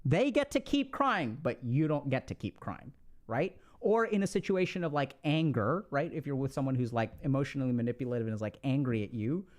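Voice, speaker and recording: A man's voice: mid-range voice, lively intonation, a little fast, darkish tone. A man giving a casual, explanatory talk who keeps checking in with his listeners and uses lots of conversational fillers. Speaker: speaker on relationships.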